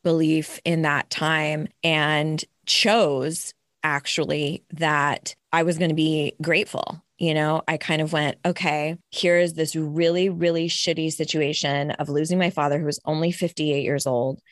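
A woman's voice: low-pitched, flat delivery, a little slow, hardly any pauses, no room sound, studio quality. A woman hosting a podcast, telling a personal story in an earnest, reflective way. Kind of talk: casual podcast chat.

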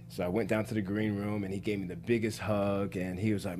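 Man, low voice, casual podcast chat, animated storyteller, stutters when excited. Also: quick pace, few pauses, slight background noise. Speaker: guest.

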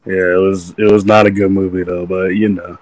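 Young male guest, lowish voice, chatty slang storyteller, dry close audio. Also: flat delivery, fairly quick, a little mellow, no room sound, low-quality recording. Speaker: guest caller on live stream. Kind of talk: casual chat.

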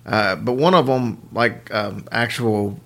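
A man hosting a podcast, telling a story in casual chat with lively asides and chuckles. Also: fairly low pitch, vocal fry. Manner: animated, quick asides and chuckles. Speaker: podcast host.

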